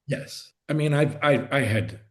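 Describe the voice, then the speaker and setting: Speaking unhurriedly in a mid-range voice, a middle-aged actor chats as a guest over a video call in a casual interview. His talk is full of restarts and self-interruptions, and his enthusiasm builds as he continues.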